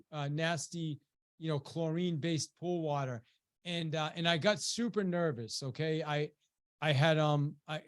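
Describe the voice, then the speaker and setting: Guy giving a webinar, slightly high voice, chatty and animated storytelling, lots of restarts and "you know". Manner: acts out quoted voices, rising sharply when quoting a shout. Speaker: webinar presenter and business coach. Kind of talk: motivational storytelling to an audience.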